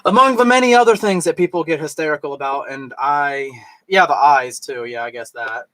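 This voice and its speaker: A man's voice: a little high, brisk, a bit bright. A man chatting casually on a live stream while drinking, rambling and tipsy, with lots of fillers and restarts.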